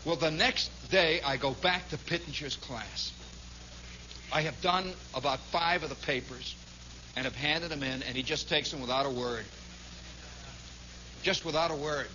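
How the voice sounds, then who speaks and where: A man telling a long personal story as a radio monologue, animated, swinging from hushed to shouting. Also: a little high, measured pace, long pauses, highs cut off, slight background noise.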